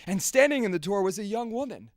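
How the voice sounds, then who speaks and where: A man telling a folk tale aloud, animated, swinging from loud bursts to hushes, with sound effects. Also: high-pitched, fast, dry recording, clean studio sound. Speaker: storyteller.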